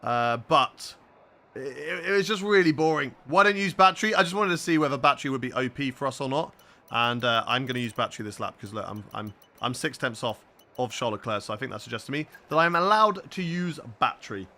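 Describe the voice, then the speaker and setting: Talking to chat mid-race, this young streamer gives live commentary on a racing game, game engines humming faintly in the background. He speaks fast, in a mid-range voice with a sharp tone, and stays chatty throughout.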